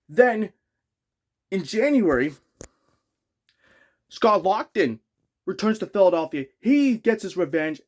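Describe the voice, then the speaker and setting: A man's voice: high voice, darkish tone. A young man ranting as a frustrated sports fan vlogger, exasperated and repeating himself.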